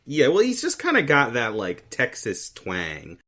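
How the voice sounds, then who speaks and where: A man hosting a casual comedy podcast, animated and quick to laugh, often stumbling over his words. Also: mid-range voice. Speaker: podcast host.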